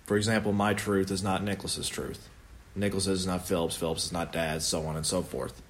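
A man's voice: low voice, level tone, a little fast, a little hiss or hum. A young man leading an informal Bible study in a conversational, earnest way, often correcting himself mid-sentence.

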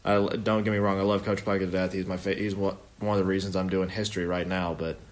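A man's voice: deep voice, flat delivery, fast. Earnest young man leading Bible study. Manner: conversational, self-correcting, earnest. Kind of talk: informal Bible study teaching.

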